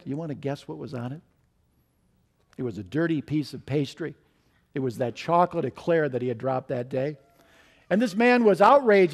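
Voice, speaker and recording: A man's voice: on the high side, a little mellow. A male pastor preaching a sermon in a church, telling stories and asking the congregation questions in an earnest way. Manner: earnest, urges listeners to listen carefully. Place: church sanctuary.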